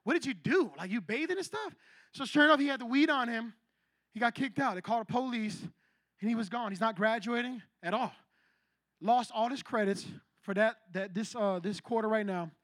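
A man preaching an energetic youth sermon in a slangy, animated way, acting out people's reactions as he goes. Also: very high-pitched, fairly quick, dry recording.

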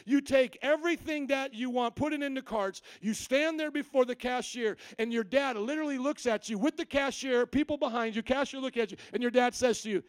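A male pastor with a high voice preaches, animated and playful as he acts out lines with humor. The sound is dry and close. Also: a little fast, few pauses, clean tone, dry recording. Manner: animated storytelling, acting out quoted lines with humor. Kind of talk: sermon. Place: church service.

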